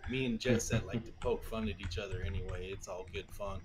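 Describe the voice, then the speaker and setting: A man's voice: on the low side, fairly even intonation, a little fast. A man joking with a live-stream host in casual, teasing banter, laughing often.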